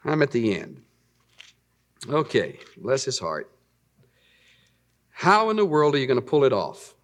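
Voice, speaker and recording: A middle-aged man preaching a conversational, animated sermon as pastor. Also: mid-range voice, a little slow, pauses often.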